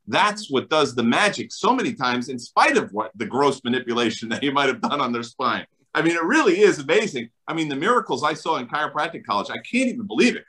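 A middle-aged man with a New Jersey accent talks with eager conviction. His voice sits a little high and bright, and it swings widely as he stresses his points. He is an enthusiastic interview guest who laughs often. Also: rough recording. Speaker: chiropractor guest. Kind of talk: animated interview talk.

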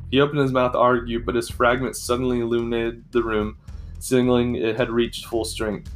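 A man narrating a fantasy story at a steady, measured storytelling pace. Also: medium pitch, soft background music.

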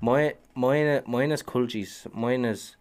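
A man co-hosting a laid-back podcast, his pitch sitting in a mid range. He tells rowdy stories and jumps into the voices of the people he mimics. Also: slow, faint music behind. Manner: loud laughing storyteller, puts on voices of workmates. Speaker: podcast co-host. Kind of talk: casual banter.

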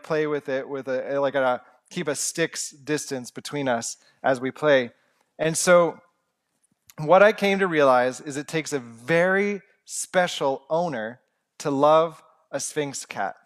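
Earnest young male preacher, slightly high voice. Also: a little slow, fairly bright tone. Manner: earnest and conversational, with humorous asides. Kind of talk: sermon.

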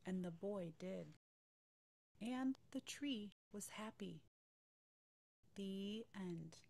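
Woman storyteller, bedtime read-aloud, very slow and gentle, mid-pitched. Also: animated, gravelly.

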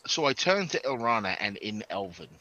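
A man's voice: lowish voice, sing-song, brisk, pushed and bright, no echo, highs cut off. A man playing in a tabletop game, chatting casually and joking. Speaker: player.

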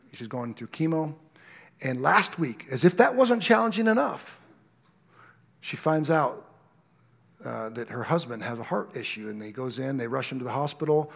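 A pastor, a man, preaching a sermon with personal stories that build into loud, impassioned exhortation. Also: mid-range voice, creaky.

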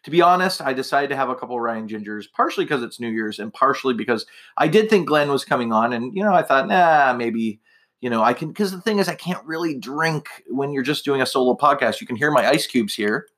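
A man's voice: mid-range voice, animated, quick pace, a bit bright. A man hosting a casual solo podcast, chatting in a rambling way with many fillers and restarts, a little tipsy and slightly slurring. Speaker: podcast host.

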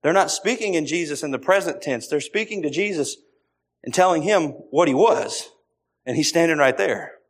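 A man preaching a sermon. His voice sits a little high and swings up and down a lot as he repeats phrases for emphasis. Now and then he slips briefly into the voices of other people. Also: animated, normal speed.

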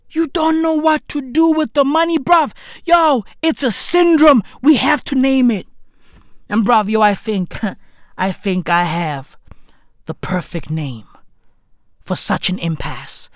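A high-pitched woman with rants for comedy, swaggering and profane. Her voice leaps all over, from shouts down to mutters. The sound is dry and close. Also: dry recording. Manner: loud, swaggering, swings between shouting and mumbling.

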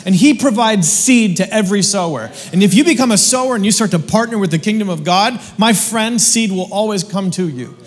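A man's voice: high voice, brisk, hardly any pauses, long reverb tail. A man preaching a sermon in a casual, joking, slangy way, stumbling over restarts as he goes. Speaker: pastor.

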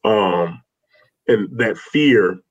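A man's voice: on the low side, animated, drawn-out words. Heartfelt rambling man, muffled sound. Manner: heartfelt, rambling with restarts, says "man" often. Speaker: guest. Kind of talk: earnest personal storytelling. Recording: slightly dull lo-fi sound.

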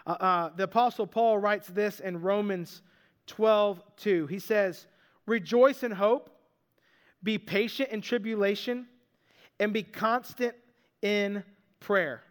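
A man with a high voice preaches in an earnest, conversational way. He acts out the lines he quotes and reads scripture in between. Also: slow, clear, resonant tone. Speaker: pastor. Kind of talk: sermon.

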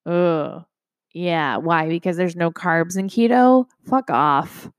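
A woman's voice: on the low side, animated, takes it slowly, dry recording, clean studio sound. A young woman hosting a casual self-help podcast as a yoga teacher, talking candidly with frequent swearing, fillers and restarts.

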